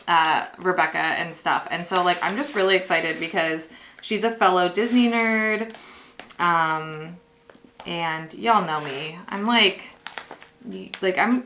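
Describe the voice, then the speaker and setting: A woman vlogging casually as she unboxes a gift, gushing and excitable, chatting with lots of fillers. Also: lowish voice, a little hiss or hum. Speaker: costuming vlogger.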